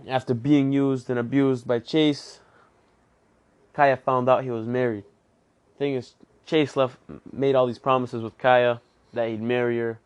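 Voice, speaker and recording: A young man hosts a casual book review podcast in a chatty, plainspoken way that circles back on itself. His voice is smooth and clear at an average pitch, and he keeps a flat, even delivery.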